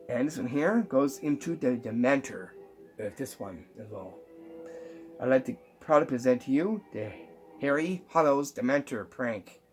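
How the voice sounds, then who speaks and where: A man explaining how a magic prank is made, step by step, pausing often with ums. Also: mid-range voice. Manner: unhurried, halting with many ums, explaining step by step. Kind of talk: magic trick tutorial.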